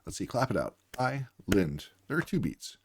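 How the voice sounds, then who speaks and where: This reading tutor talks fast at a medium pitch, his intonation swooping wildly and his voice slightly rough. He patiently walks through word spellings, acting out both the teacher's and the student's parts in an instructional demonstration.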